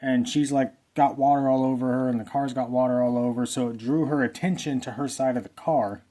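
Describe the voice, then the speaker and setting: A man with a medium-pitched, mellow voice tells his personal faith testimony as a vlogger, speaking fairly quickly with fairly even intonation. His casual storytelling is earnest and rambling, and he often repeats phrases.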